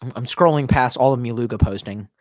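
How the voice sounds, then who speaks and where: A man in his twenties chatting casually on a live stream and reading out chat comments. He swears constantly and rambles, jumping between loud outbursts and quiet mutters, and he sounds drunk. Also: mid-range voice, quick pace, no echo, studio quality. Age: 20s.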